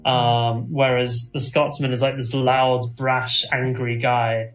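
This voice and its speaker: A man chatting as co-host of a casual podcast, trailing off and restarting as he gushes. His voice sits at an average pitch and rings in a roomy space. Faint music plays underneath. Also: flat delivery, takes it slowly, a bit bright. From half Scottish. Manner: rambling, restarts often, laughs easily. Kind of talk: casual chat.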